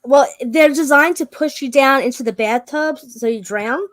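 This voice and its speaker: A woman's voice: high-pitched, moderate pace. A woman talking as a guest in a casual chat, playful with dry humor and chuckles. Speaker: guest, reseller.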